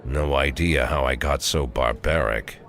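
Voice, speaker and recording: A man's voice: very deep voice, unhurried, gravelly, a bit bright, soft background music, heavily acted. A man voicing a world-weary police chief of sixty, narrating the game in a dry, sardonic inner monologue. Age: 60s. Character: aging gruff male police chief, cynical, world-weary.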